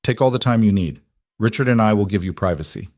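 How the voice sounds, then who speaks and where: A man with a low voice reading the lines of a calm, commanding protector in a firm, measured delivery, in a dry, close recording. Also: dry recording, lightly acted. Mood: steady.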